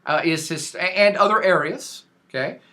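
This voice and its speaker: A man with a voice that sits high talks through world affairs as a professor in casual podcast style, keeping a moderate pace. He's animated and slangy, stressing words and restarting lines often.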